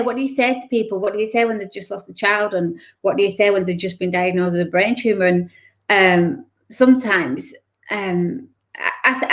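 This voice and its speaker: A woman telling her own story as an interview guest. She speaks candidly and with emotion, acting out the things people said to her. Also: mid-range voice. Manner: candid, emotional, acts out remembered dialogue. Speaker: guest author.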